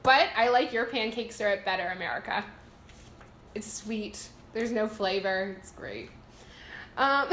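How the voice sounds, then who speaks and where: A woman's voice: mid-range voice, fairly bright tone, slight background noise. A young Canadian woman with a Canadian accent, chatting casually and giggling as she answers viewer questions about her home country. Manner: chatty, giggly, self-deprecating. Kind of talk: casual chat. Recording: echoey room.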